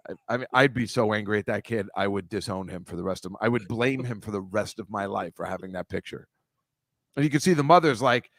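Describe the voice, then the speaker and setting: A man's voice: lowish voice, fast talker, fairly bright tone, dry recording, studio quality. A man hosting a casual video-call chat over shared slides, rambling, wry and mocking, swearing freely. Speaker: host.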